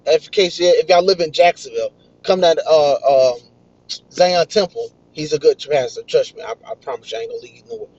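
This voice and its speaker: A young man, excitedly telling a story in casual vlog style. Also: fairly high pitch, brisk. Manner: excitable, animated retelling. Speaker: vlogger. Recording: dull, lo-fi dry recording.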